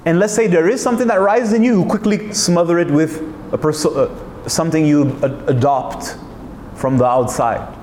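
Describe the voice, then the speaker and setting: A man speaking in a fairly high voice, emphatic and searching, with rhetorical questions and frequent restarts. The room is echoey and carries a faint hum of noise behind him. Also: moderate pace, darkish tone. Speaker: host. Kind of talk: reflective monologue.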